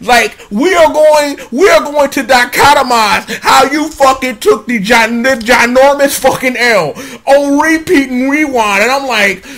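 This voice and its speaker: High-pitched young male vlogger, animated and profane, riffing through a show recap. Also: unhurried, few pauses. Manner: slangy, profane, animated storytelling. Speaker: vlogger reviewing a TV episode. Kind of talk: casual comedic review.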